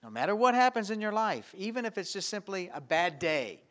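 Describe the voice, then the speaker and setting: Male pastor with a bright, somewhat high voice, preaching animatedly in a church and moving between loud and hushed. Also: moderate pace. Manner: animated preaching with rhetorical questions, swinging from loud to quiet. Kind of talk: evening sermon. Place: church sanctuary.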